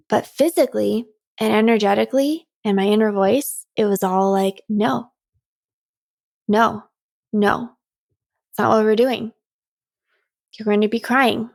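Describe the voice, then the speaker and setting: A woman's voice: medium pitch, gravelly, a little mellow, no echo, clean studio sound. A woman hosting her own podcast, talking candidly and chattily about her month, with frequent "like"s and light laughter. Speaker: podcast host and coach. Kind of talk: reflective solo podcast talk.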